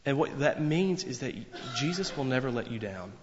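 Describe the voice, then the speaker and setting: A man's voice: mid-range voice, animated, moderate pace, slight background noise. A man preaching a sermon in an earnest, emphatic way, repeating phrases for weight. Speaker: pastor. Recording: long reverb, dull lo-fi sound.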